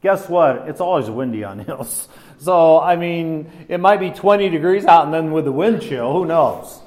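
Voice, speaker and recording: A man's voice: fairly high pitch, animated, moderate pace, a little mellow. A man preaching a sermon in a conversational, self-deprecating way, with many restarts and fillers. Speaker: pastor.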